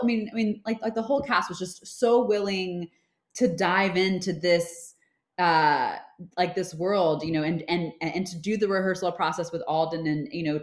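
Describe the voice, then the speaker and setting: A woman in her thirties, a film producer chatting as an interview guest, talking casually with many fillers and restarts. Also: on the low side. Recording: roomy echo.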